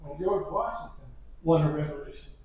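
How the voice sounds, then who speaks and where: High-voiced man preaching in an echoey church. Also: a little fast, a little mellow, muffled recording, slight background noise. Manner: storytelling with repeated phrases and chuckles. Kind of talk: sermon lesson.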